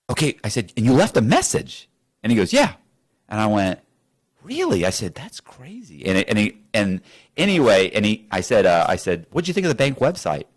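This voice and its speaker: A man telling a story as an interview guest in a studio, acting out both sides of the conversations. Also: lowish voice.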